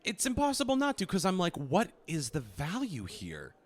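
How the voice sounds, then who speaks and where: Lively, dry-humored podcast man. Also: high voice, moderate pace. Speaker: podcast co-host. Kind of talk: casual comedic chat.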